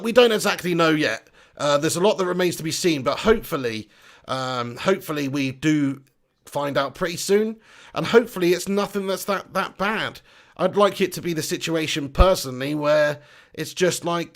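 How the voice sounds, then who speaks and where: A man on a live football watch-along stream, chatting casually with viewers. He gets excitable, swears freely and laughs a lot. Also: fairly high pitch.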